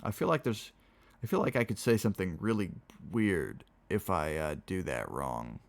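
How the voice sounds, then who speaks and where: Low-voiced man reading a novel aloud. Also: expressive, normal speed, gravelly. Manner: plain reading, chats with viewers between passages. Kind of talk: casual read-aloud narration.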